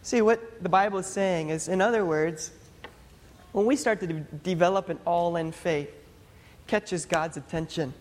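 A young adult man, a pastor, preaching a sermon in a conversational, animated storytelling manner. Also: high voice, normal speed. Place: church sanctuary. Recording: long hall reverb, faint music.

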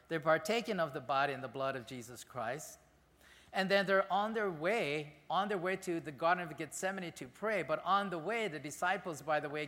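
A man pastor giving a conversational, animated sermon in a church sanctuary. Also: fairly high pitch, long reverb tail.

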